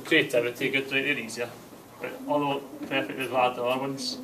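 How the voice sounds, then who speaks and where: A man teaching a relaxed revision lesson in a classroom, quizzing his pupils. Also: mid-range voice, brisk, recorded from a distance, rough recording.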